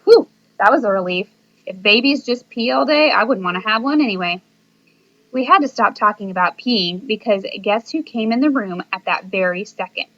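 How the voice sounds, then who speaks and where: A woman reading a children's book aloud in a lively, playful storytelling manner. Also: mid-range voice, normal speed, lo-fi sound. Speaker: audiobook reader.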